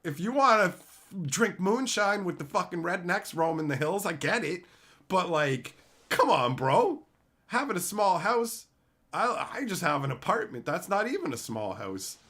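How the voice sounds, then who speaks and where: Animated, foul-mouthed male stream host. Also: on the high side, normal speed, husky. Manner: profane, sarcastic, animated ranting. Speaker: livestream host reading chat. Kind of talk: casual ranting commentary.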